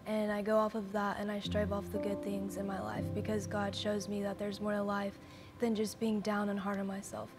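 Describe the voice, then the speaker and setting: A woman's voice: mid-range voice, monotone, moderate pace, music in the background. An eighteen-year-old woman giving a sincere personal church testimony. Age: young adult.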